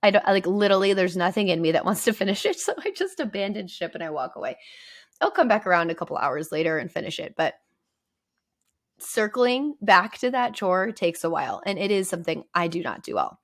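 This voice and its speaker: A woman therapist talks candidly on her podcast in a casual monologue, saying "like" and "right?" a lot. Her medium-pitched voice swings widely in pitch and runs a little fast.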